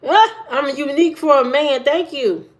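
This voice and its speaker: A woman from Indiana hosts a casual livestream and answers her viewers at an unhurried, drawn-out pace. Her delivery rambles, doubles back, and repeats phrases while she works out what to say next. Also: sits high. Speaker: livestream host.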